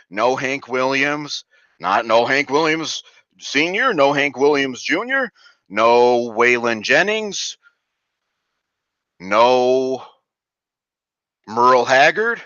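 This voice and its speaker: A man's voice: medium pitch, pushed and bright, no echo. A man doing a reaction commentary vlog, ranting crudely and rambling with fillers and restarts. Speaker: video commentator. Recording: dull lo-fi dry recording.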